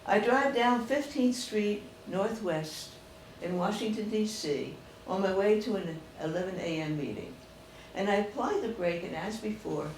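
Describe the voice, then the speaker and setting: Older female storyteller, animated, creaky voice. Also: medium pitch, slight background noise. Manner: chatty, animated, laughs while telling. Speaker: speaker telling stories to an audience. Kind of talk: storytelling talk.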